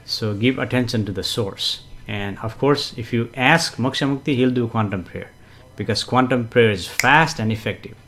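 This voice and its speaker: A man in casual live-stream mode, greeting viewers and reading out their comments. He speaks at an ordinary male pitch in an unhurried, conversational way, often saying "uh" and "you know." He explains ideas gently and comes back to the same point more than once. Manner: chatty, relaxed, frequent fillers and soft chuckles; gently explanatory, repeats himself for emphasis. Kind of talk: casual live-stream chat with spiritual teaching.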